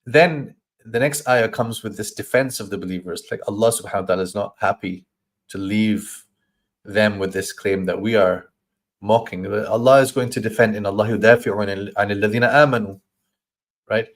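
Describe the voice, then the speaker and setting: A man with a slightly low voice leads a scripture study class. He talks in a considered way, stopping for fillers and restarts as he works through meanings. Now and then he runs through a verse in a quick recited flow. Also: steady tone. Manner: thoughtful, stops to search for words, acts out voices in quoted lines; recites Arabic verses in a quick flowing chant. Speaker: Quran teacher. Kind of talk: scholarly explanation in a study session.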